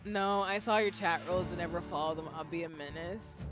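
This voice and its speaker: A woman live streamer chatting casually and warmly with her viewers, rambling with fillers. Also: lowish voice, a little fast, music in the background.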